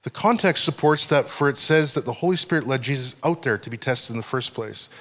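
A pastor giving a conversational sermon, often checking that the congregation is following. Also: male voice, mid-range voice, brisk, a bit bright. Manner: conversational teaching, frequent check-ins with listeners. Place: church hall. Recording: long hall reverb.

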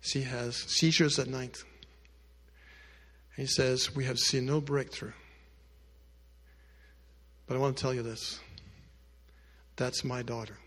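Pastor preaching in a reverberant hall. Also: male voice, medium pitch, flat delivery, slow pace, pauses often. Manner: swings between loud emphatic lines and quiet hushed ones; speaks directly to the congregation with asides. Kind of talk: sermon storytelling.

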